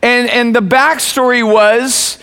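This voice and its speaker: A middle-aged man preaching a sermon as pastor, telling a family story with many restarts and lively acted-out quotes. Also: very high voice, takes it slowly, vocal fry, clean tone, long reverb tail. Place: church.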